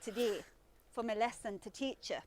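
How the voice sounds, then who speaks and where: A woman giving an instructional lesson, explaining words in a careful, deliberate way. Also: a little high, slight background noise. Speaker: language teacher.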